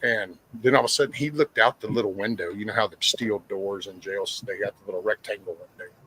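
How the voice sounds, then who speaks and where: A middle-aged man tells stories in a blunt, plainspoken way, cursing freely. His voice sits fairly low. The talk is a loose podcast conversation. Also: quick pace, bright, forceful tone, a little hiss or hum, poor audio. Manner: rough-spoken, profane, plainspoken. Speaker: guest sharing life stories. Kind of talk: casual podcast storytelling.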